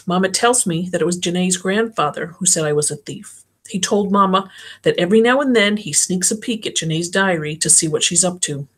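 A woman narrating a novel in the first person for an audiobook. Her delivery is plain and even, pitched on the low side. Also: fairly quick, breathy edge. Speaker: audiobook reader.

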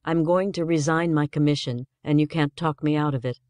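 A man lifts his voice to play a resolute woman starship captain, gentle and measured. Her pitch sits well above his own reading voice, and she states her decisions firmly and calmly. The sound is dry and close. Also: smooth, no room sound, close to an everyday voice.

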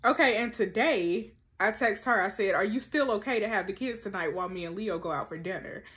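A woman reads a chat story out loud and keeps cutting in with her own heated remarks. She is sassy and animated, with quick-tempered, slangy asides between the messages. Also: mid-range voice. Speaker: host. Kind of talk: reading a text-message story game aloud with reactions.

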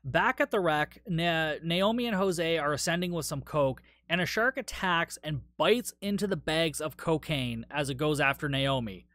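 A man's voice: on the high side, moderate pace, few pauses, a bit bright. A man hosting a solo podcast, recapping a movie in a casual, rambling, profane way, tired after a long day. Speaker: podcast host.

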